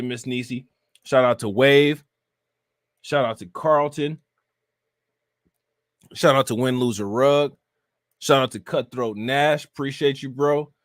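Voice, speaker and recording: A man's voice: medium pitch, dry recording, studio quality. A man hosting a casual reaction livestream, talking in a loose, slangy way and breaking into laughter. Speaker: livestream host.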